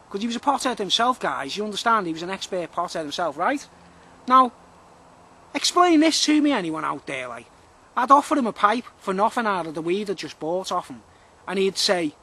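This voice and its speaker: A man's voice: sits high, sing-song, fairly quick, sharp tone, slightly rough. A man rambling through a video monologue outdoors in the woods, full of fillers and repeats. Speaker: vlogger.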